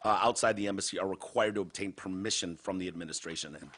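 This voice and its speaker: Speaking quickly in a low, slightly bright voice, a man with a Midwestern American accent hosts a casual podcast. He's blunt and sarcastic, swearing plenty throughout the banter.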